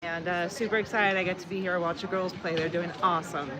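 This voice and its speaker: A woman, a player's aunt, giving brief, soft-spoken answers in a casual chat at the game. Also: on the low side, fairly even intonation, fast, crowd noise, poor audio.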